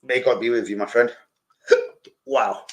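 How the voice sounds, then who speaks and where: An older man, chatting casually on a live stream, shouting out to viewers and swearing freely. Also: mid-range voice, fairly even intonation, measured pace.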